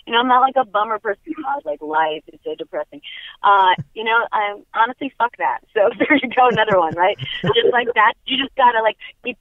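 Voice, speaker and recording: A woman's voice: fairly high pitch, fast talker, no echo. Chatty upbeat woman on a tinny phone line. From Long Island. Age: middle-aged. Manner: upbeat, chatty, laughs often. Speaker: guest actress. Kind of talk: casual phone interview. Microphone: telephone.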